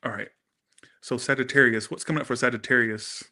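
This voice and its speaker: A man's voice: mid-range voice, fairly even intonation, fairly quick, bright, forceful tone. A man doing a casual, chatty live-stream tarot reading, thanking viewers and swearing freely. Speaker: tarot reader.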